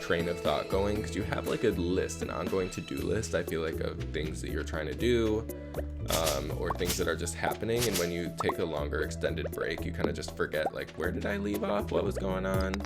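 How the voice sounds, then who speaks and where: A man's voice: low voice, normal speed. A man streaming a game live, chatting casually and rambling with his viewers. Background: game music.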